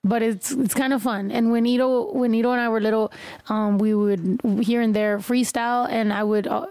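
A woman hosts a podcast in loose, casual chat. She is loud and excitable and swears freely. Her voice sits somewhat high and carries clearly from the podcast room. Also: fairly quick, no room sound. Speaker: podcast host.

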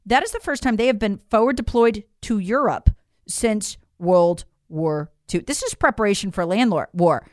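A woman's voice: medium pitch, animated, moderate pace, dry recording, studio quality. An American woman giving emphatic, incredulous opinion commentary, leaning on rhetorical questions. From United States. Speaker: political commentator.

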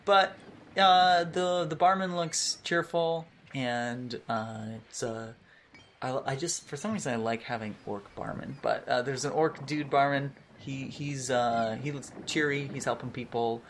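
A man's voice: medium pitch, measured pace, a bit bright, a little hiss or hum. A man narrating a tabletop game as game master, in a hesitant, filler-heavy way.

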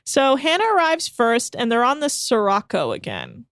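A woman's voice: a little high, huge pitch swings, moderate pace, fairly bright tone, a little hiss or hum. A woman co-hosting a podcast, recapping a show in casual, crass chat and laughing often.

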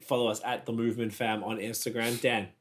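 A man co-hosting a podcast, teasing and quick to laugh in casual banter. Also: mid-range voice, level tone. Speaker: podcast co-host.

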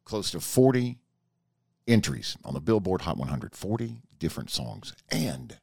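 Man, radio host, gravelly voice, swinging animated pitch, playful storytelling. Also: unhurried. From American South. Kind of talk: casual radio chat.

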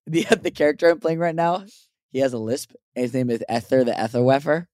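A man's voice: medium pitch, fairly quick, a little mellow, no echo, studio quality. A young man co-hosting a podcast, joking casually and laughing often. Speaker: podcast co-host. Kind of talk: casual chat.

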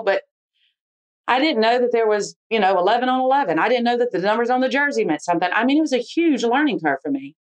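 A woman, telling a frank, animated story about her sports life in an interview. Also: medium pitch, low-quality recording. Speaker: interviewee, football official.

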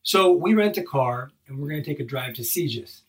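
A man telling a funny travel story in casual chat, animated and exasperated, acting out what people said. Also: medium pitch, normal speed, distant mic, poor audio. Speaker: co-host.

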